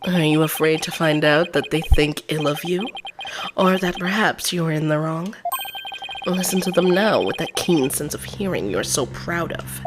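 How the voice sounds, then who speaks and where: A woman voicing a cold, solemn young male prosecutor who speaks slowly and quietly, with measured condescension, while reading a courtroom game aloud. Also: low-pitched, noisy background, lightly acted. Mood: cold, condescending.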